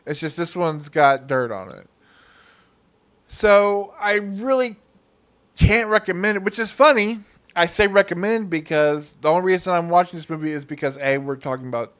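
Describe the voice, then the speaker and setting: Young man, movie review host, unhurried delivery, smooth clear voice, sarcastic, rambling. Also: a little high, fairly bright tone. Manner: sarcastic, rambling with many fillers. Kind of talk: casual spoken review.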